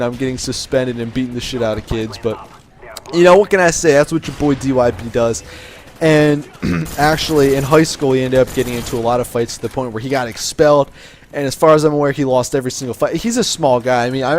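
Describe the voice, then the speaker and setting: A man's voice: mid-range voice, slight background noise. A young man telling a casual, profane story to camera, with a swaggering manner and plenty of fillers and restarts. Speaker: vlogger telling a life story.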